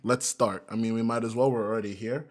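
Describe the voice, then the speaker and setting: A man's voice: fairly low pitch, fairly even intonation, fast, a little hiss or hum. A young man co-hosting a casual podcast, joking, swearing and laughing often. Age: young adult. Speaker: podcast co-host.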